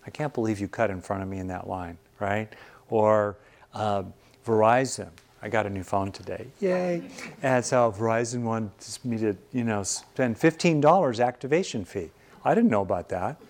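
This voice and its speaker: A man, a meditation teacher, giving a relaxed, conversational Buddhist dharma talk with wry humorous asides. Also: mid-range voice.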